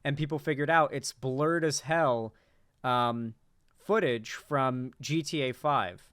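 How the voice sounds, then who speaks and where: A man's voice: mid-range voice, slow pace, fairly bright tone, clean tone, no echo, studio quality. A young man giving casual, profane, incredulous reaction commentary on a political clip.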